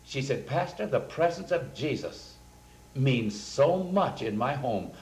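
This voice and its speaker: A man's voice: medium pitch, animated, measured pace, darkish tone. A man speaking as a pastor, telling earnest anecdotes and quoting people as he goes. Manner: earnest anecdotal storytelling, quotes people in a raised voice. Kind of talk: storytelling sermon talk. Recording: roomy echoing recording.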